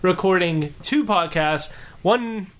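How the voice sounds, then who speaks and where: A man's voice: high-pitched, takes it slowly, fairly bright tone. A man hosting a casual podcast chat, rambling through plugs with lots of fillers. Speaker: podcast host.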